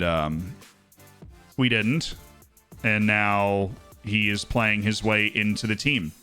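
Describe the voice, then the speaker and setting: A male game streamer talks at a middle pitch, chatting loosely between reactions to the match. He jokes with his chat and cheers or groans at each chance. Steady game music plays clearly behind him. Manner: animated, joking, cheers and groans at the play. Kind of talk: live-stream commentary while playing and reading chat.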